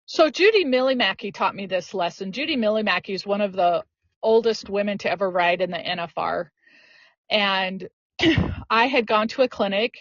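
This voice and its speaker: Earnest female storyteller, casual and lively, dry muffled recording. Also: medium pitch, moderate pace, no room sound. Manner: earnest, lively storyteller with frequent "you know". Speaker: podcast guest. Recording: dull lo-fi dry audio.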